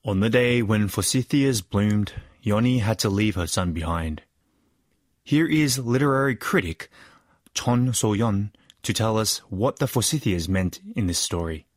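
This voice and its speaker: A man's voice: lowish voice, unhurried, no echo, studio quality. A man hosting a radio book show and narrating a story in a scripted reading. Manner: expressive, wide-ranging reading.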